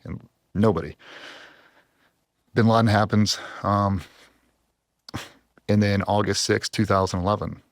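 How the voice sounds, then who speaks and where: A man in his forties with a low voice recorded dry and close on a studio mic. He tells hard stories with raw feeling and is fighting back tears. His delivery is earnest and heavy. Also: no echo. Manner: earnest, emotional, trying not to cry. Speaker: podcast guest, former Navy SEAL. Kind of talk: emotional interview storytelling.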